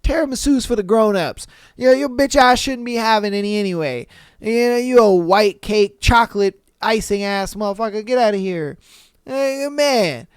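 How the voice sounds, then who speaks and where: Brief: male podcast host, smooth clear voice, dry close sound, crude slangy commentary. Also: high voice, moderate pace, dry recording. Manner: profane, slangy, laughing reactions. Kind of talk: casual podcast reading listener posts with commentary.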